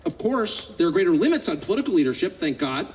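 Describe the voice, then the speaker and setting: Californian man, 50s, high-pitched and animated, sarcastic political speaker on stage. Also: fast talker, low-quality recording. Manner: sarcastic, mocking, builds to indignant outbursts. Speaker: public speaker. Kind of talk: political speech to a live audience.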